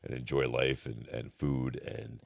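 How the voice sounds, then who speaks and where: A man in his forties with a deep voice, co-hosting a podcast in a loose, swear-heavy casual chat. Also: little pitch movement, a little slow, vocal fry, no echo, studio quality. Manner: laid-back, swears freely. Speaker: podcast co-host.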